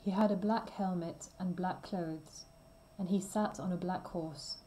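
A woman reading a simple storybook aloud slowly and clearly for language learners. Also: fairly low pitch, steady tone, warm tone, slight background noise, poor audio. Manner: careful, deliberate reading. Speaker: reader.

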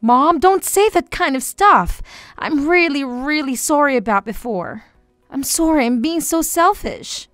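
A woman's voice: sits high, lively intonation, a little slow, a bit bright, no echo, soft background music. A woman voicing a desperate teenage girl who pleads with her estranged mother. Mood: pleading. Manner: pleading, tearful.

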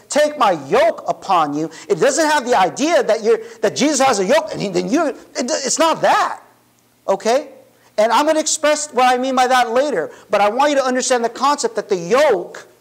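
A man with a very high voice preaches a sermon in a loose, conversational way. He keeps checking in with his listeners and restarts sentences as he thinks aloud. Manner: conversational preaching, frequent "right?" and "you know" asides; restarts and self-corrections. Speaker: pastor.

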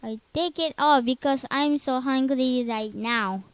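A woman's voice: high voice, a little slow, smooth. A woman commenting on a video game she plays, jumpy and nervous, talking to herself in slightly broken English. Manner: jumpy, nervous, talks to herself while playing; non-native English with small grammar slips. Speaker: gamer. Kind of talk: casual let's-play commentary.

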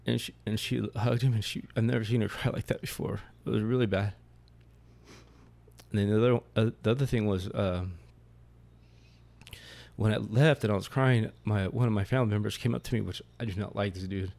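A man's voice: lowish voice, fairly even intonation, a little fast, vocal fry, a little mellow. A man speaking as a podcast guest, telling a candid story about grief in a blunt, plainspoken way.

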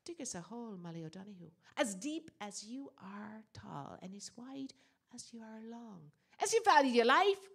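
A woman voicing a short, round, strange-voiced old man in a folk tale, speaking slowly and loudly with a menacing drawl. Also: a little high, very animated, breathy edge, exaggerated voice. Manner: drawn-out, loud, menacing.

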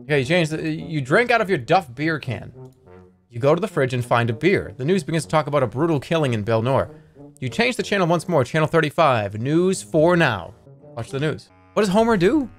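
A man's voice: a little high, very animated, brisk, faint music behind. Wry streamer man reading game text. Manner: wry, joking, swears freely.

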